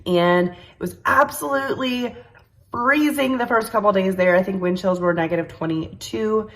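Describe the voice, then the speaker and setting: A woman's voice: medium pitch, normal speed. A woman in her thirties from New York, chatting casually in her kitchen while cooking, a bit congested with a slightly nasal voice. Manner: chatty, rambling, many fillers. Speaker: cooking vlogger. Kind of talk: casual chat. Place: home kitchen.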